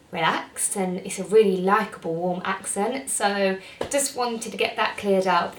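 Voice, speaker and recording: A woman's voice: on the low side, fairly bright tone, far from the mic. Chatty young woman vlogging, roomy sound. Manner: chatty, rambling, lots of "like". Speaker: beauty vlogger. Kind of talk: casual talk to camera. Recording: roomy sound, mic set back.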